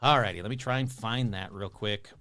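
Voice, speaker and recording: A man's voice: lowish voice, brisk, sharp tone, dry recording, studio quality. A man hosting a podcast who talks in a sarcastic, rambling, self-mocking way. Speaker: podcast host. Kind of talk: casual comedic chat.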